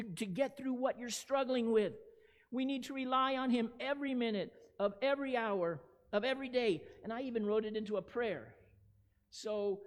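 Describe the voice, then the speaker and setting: Male pastor, earnest sermon delivery, high pitch, long hall reverb. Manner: earnest, swings from loud intense emphasis to hushed prayer.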